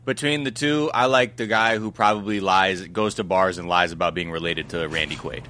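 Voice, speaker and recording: A man's voice: low voice, normal speed, bright, forceful tone. A man chatting casually as a podcast guest, loose and joking, with lots of fillers. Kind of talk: casual chat.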